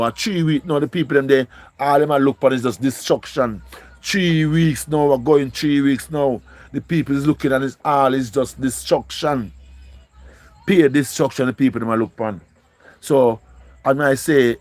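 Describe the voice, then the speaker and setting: A man's voice: medium pitch, no echo. A man with a Jamaican accent, pleading and repeating himself as he speaks emotionally to viewers on a live stream. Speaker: livestreamer.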